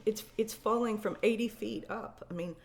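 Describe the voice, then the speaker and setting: Animated woman telling an eerie story. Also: mid-range voice, normal speed, creaky, a little hiss or hum. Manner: animated, restarts and repeats words, acts out her own thoughts. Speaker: conference attendee telling an encounter story. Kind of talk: emotional first-person storytelling. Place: conference venue.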